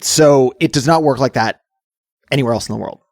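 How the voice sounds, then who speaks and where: A hoarse man co-hosting a podcast, explaining things in casual chat and getting animated at times. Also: medium pitch, fairly quick, no echo, studio quality. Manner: explanatory, gets animated and mock-indignant. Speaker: podcast co-host.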